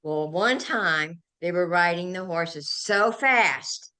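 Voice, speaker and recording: An older woman, a guest on a talk show, telling animated and emotional stories. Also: fairly low pitch, takes it slowly, smooth. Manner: animated, emotional storyteller who gets carried away. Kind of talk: anecdotal storytelling in a chat.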